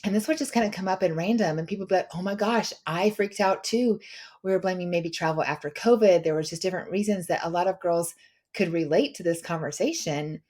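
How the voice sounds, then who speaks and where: A middle-aged woman hosts a podcast and tells a personal story in a casual, chatty way. Her voice sits a little low, and she talks with lively energy and plenty of filler words. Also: fast talker. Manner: chatty, animated, lots of "like". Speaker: podcast host; mother of daughters.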